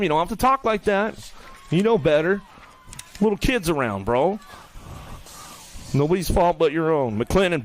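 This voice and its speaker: A man calling live BMX races in rapid play-by-play, throwing out nicknames for riders and teasing them as they finish. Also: a little high, a little hiss or hum. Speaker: race announcer. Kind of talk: live BMX race commentary. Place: outdoor BMX race track.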